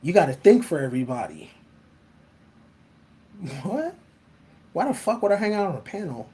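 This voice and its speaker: Male host, blunt and profane, animated casual monologue, laughs a lot. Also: high-pitched, moderate pace. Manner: laughs often.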